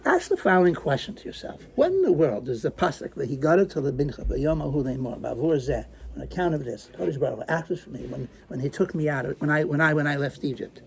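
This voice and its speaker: Male teacher, gravelly, animated storytelling, hushed to excited, lively pitch. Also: quick pace, hardly any pauses, slight background noise. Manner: sprinkles Hebrew terms. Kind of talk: lecture with acted storytelling.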